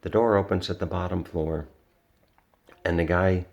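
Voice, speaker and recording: A man with a very deep voice talks casually to the camera, winding through a story with plenty of pauses and "uh"s. His tone is gravelly and low, and he comes across as earnest and reflective. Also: fairly even intonation, lo-fi sound. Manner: rambling, many restarts and fillers. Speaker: vlogger.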